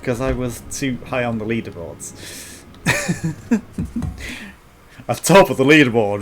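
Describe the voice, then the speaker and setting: A man's voice: mid-range voice, expressive, slow pace, pauses often, soft background music. A young man giving casual, teasing commentary while streaming a game, swearing and laughing often.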